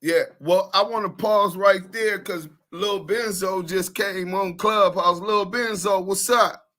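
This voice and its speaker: Blunt, bright-voiced male podcast host. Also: sits high, fairly even intonation, slow. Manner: blunt and confrontational, street slang. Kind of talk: casual podcast chat.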